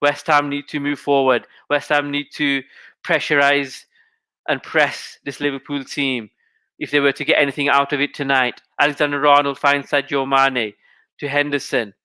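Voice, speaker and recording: Guy doing live footy commentary, bright crisp voice, dry close mic. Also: mid-range voice, no echo. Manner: rapid running play-by-play, rising to excited shouting at goals. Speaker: football commentator.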